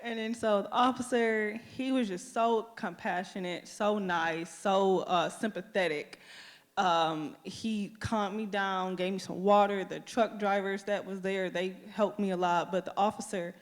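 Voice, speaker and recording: A young woman telling a personal story at a community session, lively, acting out her own reactions. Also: medium pitch, in a large hall. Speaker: community member giving public comment. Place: large school hall.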